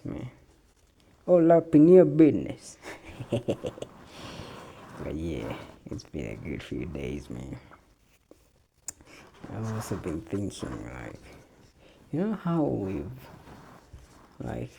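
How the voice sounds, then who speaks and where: A man's voice: mid-range voice, gravelly, dark tone. A man hosting a casual solo podcast, laid-back, laughing often and swearing freely. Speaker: podcast host.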